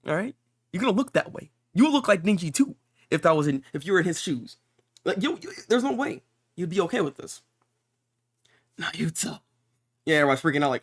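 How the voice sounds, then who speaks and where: Streaming live, a man reacts to a new comic chapter, excitedly exclaiming, swearing casually, and restarting often. His voice is on the high side and a little fast, and his untreated room has some echo.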